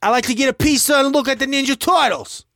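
A man doing a put-on New York accent, playing a grumpy, pizza-loving New York man in a loud, clowning way. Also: extremely high pitch, quick pace, gravelly, no echo, clean studio sound, voice pushed up, full character voice.

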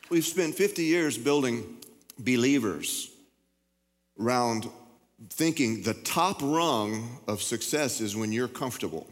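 A man's voice: medium pitch, lively intonation, takes it slowly. A middle-aged man preaching a sermon in a folksy way, often repeating and stumbling over his words, in a large church hall. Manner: folksy, repetitive, stammering. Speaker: pastor. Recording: long hall reverb.

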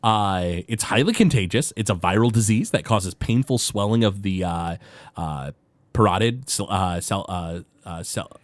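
A man co-hosting a podcast in casual chat, hesitant and halting with many fillers, now and then acting out quoted lines. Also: lowish voice, dry recording. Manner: acts out quoted characters. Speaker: podcast co-host.

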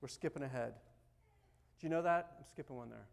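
A man preaching a sermon as pastor, animated, swinging from loud urging to soft, quiet asides. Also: mid-range voice, a little fast, vocal fry.

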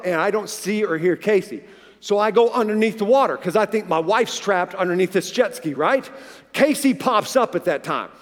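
A man in his forties with a high voice preaches a sermon in a church hall, and his words ring on in the long reverb of the large room. He is an animated storyteller who acts out the dialogue as he goes. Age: 40s. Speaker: pastor.

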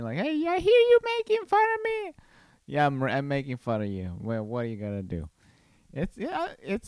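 A man's voice: medium pitch, smooth, no room sound, clean studio sound. A man hosting a podcast from home, rambling casually with frequent restarts and chuckles. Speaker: podcast host. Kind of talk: casual chat.

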